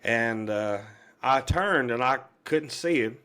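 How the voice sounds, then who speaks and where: A man's voice: medium pitch, lively intonation, slow, bright, forceful tone, smooth. A middle-aged man, a podcast guest earnestly telling a long personal story, rambling with many fillers and restarts.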